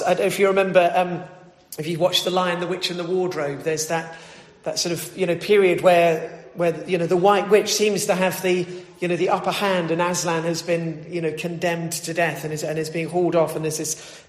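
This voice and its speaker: A man reading scripture aloud, then preaching a sermon in a conversational way, full of fillers and restarts. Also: sits high. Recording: echoey church hall.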